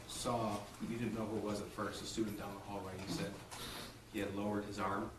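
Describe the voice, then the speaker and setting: A man's voice: lowish voice, level tone, a little fast. Distant-sounding male attorney questioning. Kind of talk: courtroom examination. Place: courtroom. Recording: roomy, distant, noisy courtroom audio.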